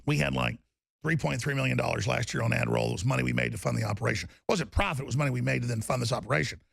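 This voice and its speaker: A man hosting a live call-in talk show, talking in a rambling, excitable way that jumps from topic to topic. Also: mid-range voice, gravelly, breathy edge, dry recording. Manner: rambling, excitable, fast-shifting delivery.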